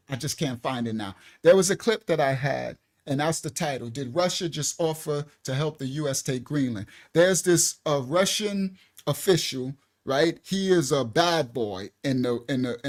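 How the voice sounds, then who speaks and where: A man's voice: a little high, measured pace. A man hosting a ministry show, giving casual preaching-style commentary in loose street talk, emphatic and full of check-ins with his listeners. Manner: emphatic, repeats himself, keeps checking in with listeners. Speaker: ministry host.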